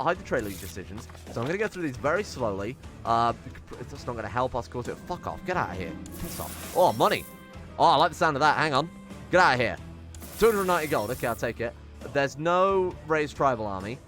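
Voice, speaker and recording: Sweary excitable gamer guy. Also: mid-range voice. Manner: excitable, swears a lot, mutters to himself. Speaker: gaming channel host. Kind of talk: let's play commentary.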